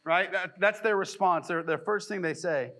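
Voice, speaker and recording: High bright joking preacher man. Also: moderate pace, rough recording. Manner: joking, conversational, acts out quotes with mock voices. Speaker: pastor. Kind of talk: sermon. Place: church.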